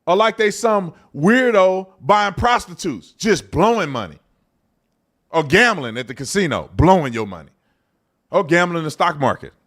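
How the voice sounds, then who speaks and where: A man's voice: sits high, sing-song, moderate pace, a bit bright. Blunt Texan man ranting. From Texas. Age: adult. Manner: blunt, mocking, slangy rants with storytelling. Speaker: host. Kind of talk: livestream political commentary.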